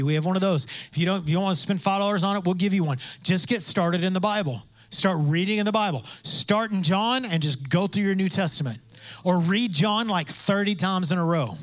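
A man preaching a sermon as pastor, conversational with asides, acting out quoted voices and building to loud emphasis. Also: sits high. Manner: conversational with asides and self-interruptions.

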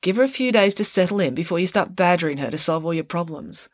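A woman voicing a stern adult school official in a storybook reading, brisk and reproving. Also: fairly low pitch, expressive, dry recording.

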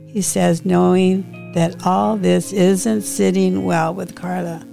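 A woman podcast host and author reading her own novel aloud in a slow, unhurried storytelling manner. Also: fairly low pitch, steady tone, vocal fry, warm tone, soft background music.

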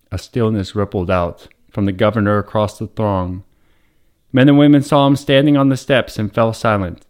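A priest narrating a family story. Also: male voice, lowish voice, fairly even intonation, clean tone. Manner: measured, dramatic storytelling with raised voice for quoted shouts.

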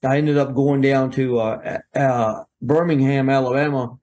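A man's voice: mid-range voice, unhurried. An older man, a guest telling folksy, rambling stories and acting out what others said. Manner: animated, rambling, acts out quoted voices. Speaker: guest, veteran wrestling referee. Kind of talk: folksy storytelling.

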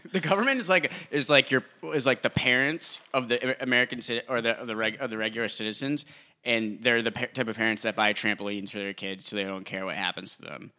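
A man's voice: mid-range voice, quick pace, sharp tone. A young man co-hosting a casual podcast, rambling through half-finished sentences and laughing often. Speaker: podcast co-host. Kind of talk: casual crude podcast banter.

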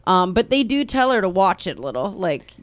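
A woman's voice: medium pitch, big pitch swings, normal speed, dry recording. A young adult woman co-hosting a casual recap podcast, chatty and swearing casually, laughing often. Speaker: podcast co-host.

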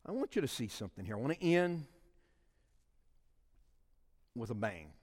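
A man preaching a sermon, swinging between shouted emphasis and hushed, quiet asides. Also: mid-range voice, very animated, quick pace, long reverb tail. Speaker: pastor.

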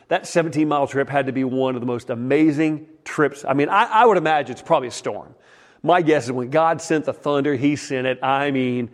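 A middle-aged man preaching a sermon in a folksy, animated way, acting out the quotes in his stories. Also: on the high side. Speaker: pastor. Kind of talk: sermon with storytelling.

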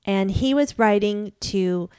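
A woman's voice: medium pitch, takes it slowly, warm tone, clear, resonant tone, no echo, clean studio sound. A woman in her forties, a widowed mother, giving a candid, earnest faith talk with rueful laughs. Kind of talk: personal testimony talk.

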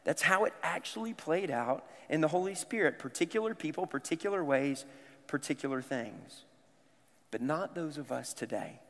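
With a fairly high, fairly bright voice, a Southern pastor delivers an animated sermon at normal speed, chatting straight to the people in his congregation. Long church-hall reverb fills the recording from the large sanctuary.

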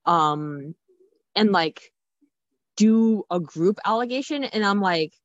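A woman co-hosting a casual chat, frank and animated, with many "like" fillers. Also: mid-range voice, slow, no room sound, dull audio. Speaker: podcast co-host.

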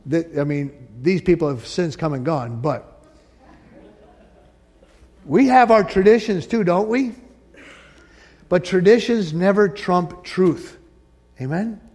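A male pastor preaching a sermon, animated and joking, acting out quotes from the story and the congregation. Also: high-pitched, big-room sound. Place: church sanctuary.

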